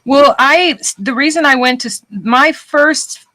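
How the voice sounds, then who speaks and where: A young adult woman hosts a casual livestream chat, joking and swearing freely. Her voice is animated and lively. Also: sits high, measured pace, poor audio. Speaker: livestream host.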